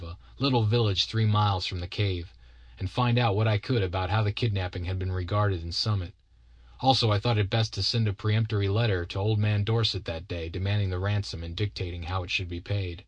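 A man's voice: on the low side, fairly even intonation, a little fast, dry recording. A man reading a story aloud as narrator, with a wry, mock-grand delivery.

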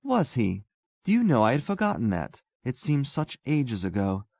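A man's voice: mid-range voice, very animated, moderate pace, warm tone, no echo. A man reading a story aloud, voicing a talkative, self-absorbed young man who muses earnestly.

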